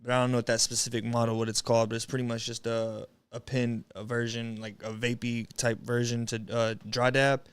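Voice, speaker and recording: Young dude rambling on his stream, chill and slangy, swears a lot, smooth clear voice, dry close mic. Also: medium pitch, monotone, brisk, few pauses, no echo. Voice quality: laid-back, rambling, slangy with frequent swearing. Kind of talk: casual livestream chat.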